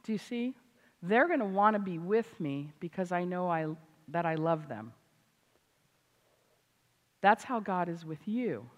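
An older woman, a grandmother and author, preaching a sermon with animated, emphatic delivery. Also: on the low side. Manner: animated, rising to loud emphatic exclamations. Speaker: Christian speaker and author. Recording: hall reverb.

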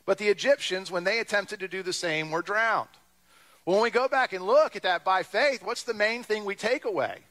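A man's voice: high-pitched, normal speed. A man preaching a sermon, reading scripture and retelling it with wry humor and acted-out voices. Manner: lively, wry, acts out quoted voices. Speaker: pastor.

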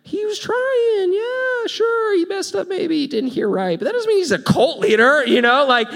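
A man playing a high, drawling laid-back heaven. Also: expressive, gravelly, a bit bright, heavily acted. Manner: drawn-out, laid-back reassurance. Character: easygoing voice of heaven, shrugging and relaxed.

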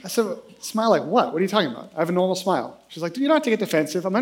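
A man in his thirties preaching a sermon, telling a self-deprecating funny story in an animated way. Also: high voice, racing, hardly any pauses. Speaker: pastor.

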